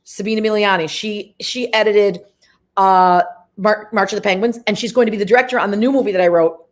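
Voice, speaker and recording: A woman's voice: mid-range voice, steady tone. Chatty middle-aged woman telling stories. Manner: chatty, laughing, jumps into quick impressions. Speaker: actress guest. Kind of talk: casual interview chat.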